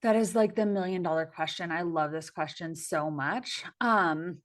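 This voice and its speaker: Expressive woman talking reflectively. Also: on the low side, normal speed. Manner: expressive, reflective, many filler likes. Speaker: podcast guest. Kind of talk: casual conversational interview.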